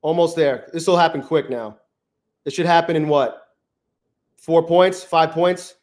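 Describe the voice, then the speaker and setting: A man streaming his futures trades live from his garage, thinking aloud and swearing often, swinging from flat muttering to loud gloating. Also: fairly high pitch, measured pace. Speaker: trading livestreamer. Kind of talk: live trading stream commentary. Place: home garage.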